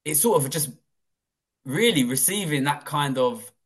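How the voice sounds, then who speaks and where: A man's voice: fairly high pitch, lively intonation, a little slow, breathy edge. Candid man telling his story. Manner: rambling, frequent swearing and fillers. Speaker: guest, former trader.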